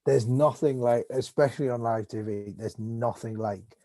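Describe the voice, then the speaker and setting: A man's voice: mid-range voice, normal speed, dark tone, no room sound. A man who is a comedian, a guest in a casual conversation over a video call, rambling animatedly and acting out voices as he tells stories.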